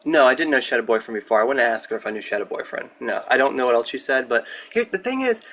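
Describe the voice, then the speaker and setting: A young man chatting casually and candidly while building in a game, rambling through stories, excitable, close to his microphone. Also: medium pitch, rapid-fire, low-quality recording. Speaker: gaming streamer. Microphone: close desk mic.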